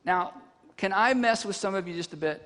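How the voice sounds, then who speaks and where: A man preaching a sermon, telling the story with animated, conversational flair and putting rhetorical questions to his listeners. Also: high-pitched, fast. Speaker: pastor. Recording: long reverb from a large hall.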